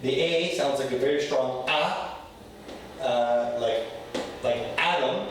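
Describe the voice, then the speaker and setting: A man's voice: medium pitch, slow, pauses often, slight background noise. A man teaching a casual language lesson, blunt and profane, checking in with "okay?" again and again. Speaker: Spanish teacher. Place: room in Lima, Peru. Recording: very echoey room, voice from a distance.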